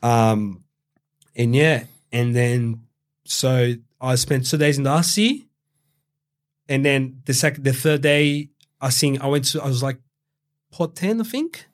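A man's voice: mid-range voice, slow pace, long pauses. A young Australian man from Brazil, telling his story as a guest in a casual interview, rambling with heavy swearing and fillers. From Brazil, raised in Australia.

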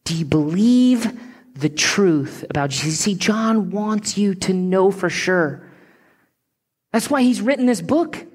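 A woman pastor preaching a sermon in an earnest, emphatic way, slowing on key words and sometimes dropping to a hushed whisper. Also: mid-range voice, lively intonation, slightly rough.

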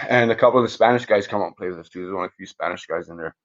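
A deep-voiced man talks rapid-fire with a fairly bright tone on lo-fi audio. He's a podcast guest whose casual stories ramble on, packed with swearing and frequent "right?" tags.

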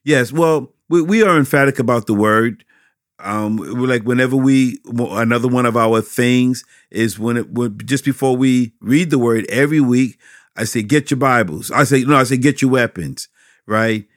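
A man's voice: mid-range voice, moderate pace, dry recording. A middle-aged pastor talking in an interview, building energy as he drives home his points and repeating phrases for emphasis. His voice sits in a normal male range. The sound is dry and close, with little room around it. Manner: animated, preacherly emphasis with repetitions. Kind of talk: interview answers about teaching children.

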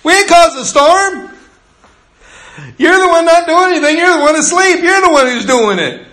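A preacher acting out panicked fishermen yelling in a storm. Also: male voice, extremely high pitch, expressive, pitched above the performer's own voice, full character voice. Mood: frantic, accusing. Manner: loud, rapid, accusing outbursts. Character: panicked group of grown male fishermen in a storm. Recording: echoey room.

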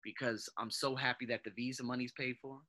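A man hosting a podcast, giving a casual motivational monologue in an animated way, calling his listeners "guys" and often restarting his sentences. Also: mid-range voice, fairly quick. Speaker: podcast host.

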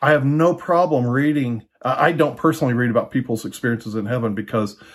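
An older man with a husky, slightly breathy voice talks through a Bible teaching without a script. He is relaxed and conversational, circling back on his words and filling pauses with "uh" and "you know." His pitch sits in an ordinary middle range. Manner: relaxed, repeats words, many fillers. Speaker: teacher of a church ministry. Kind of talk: casual unscripted teaching talk.

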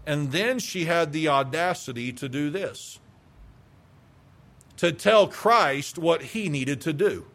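A male pastor with a fairly high, slightly bright voice preaches a sermon slowly, with lively intonation. He is emphatic, asking rhetorical questions and repeating phrases for weight.

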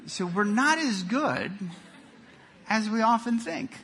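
A man preaching a sermon, telling jokes and stories with animated emphasis and frequent repeated words. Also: sits high, slow, slight background noise. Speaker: pastor.

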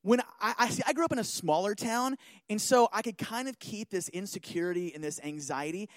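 A man giving an animated talk, telling a personal story and often checking in with listeners. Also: sits high, fairly quick, no room sound. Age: adult.

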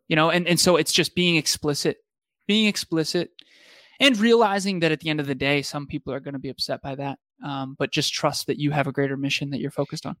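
A man's voice: on the high side, fairly even intonation, quick pace, fairly bright tone, no echo. A man co-hosting a motivational talk show, earnest and reflective, often restarting his sentences. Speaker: podcast co-host.

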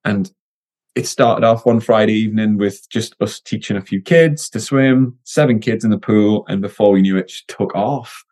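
A middle-aged man, a guest telling his story in a casual interview, energetic and candid. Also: on the low side, moderate pace. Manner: energetic and candid, frequent restarts. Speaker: guest, former Olympic swimmer and business owner.

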